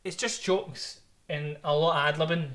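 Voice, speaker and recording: A man's voice: on the high side, moderate pace. A man co-hosting a casual podcast chat, telling stories with swearing and laughter. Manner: animated storytelling, swearing, laughing often. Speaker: podcast co-host.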